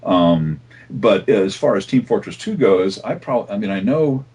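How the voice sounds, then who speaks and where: A middle-aged man, a voice actor, chatting casually in an interview, animated and laughing often. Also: fairly low pitch, a little slow, husky. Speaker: voice actor guest.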